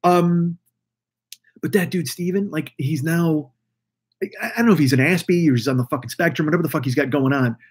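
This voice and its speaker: Over his webcam mic, the host of a live stream podcast rambles on and curses freely as he says hello to viewers. His voice is a little high and fairly quick, with a breathy edge.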